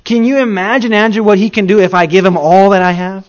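A man's voice: on the high side, expressive, normal speed, husky, highs cut off. A preacher putting on an eager little boy. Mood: amazed. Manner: eager, wide-eyed. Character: excited little boy sharing his lunch.

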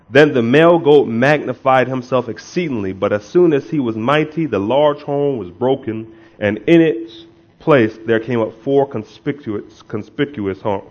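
A man preaching as a pastor, speaking in a conversational way that rises into emphatic bursts, praying and reading scripture aloud. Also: medium pitch. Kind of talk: sermon with prayer and scripture reading. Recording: dull lo-fi sound.

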